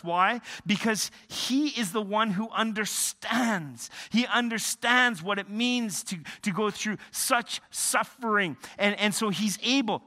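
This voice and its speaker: A man preaching a sermon, emphatic, often repeating and restarting words, swinging between loud emphasis and quiet lows. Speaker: pastor.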